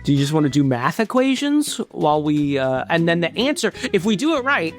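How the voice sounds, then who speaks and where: A man's voice: on the high side, very animated, a little fast, faint music behind. A man co-hosting a comedy podcast, riffing sarcastically in casual chat. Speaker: podcast co-host.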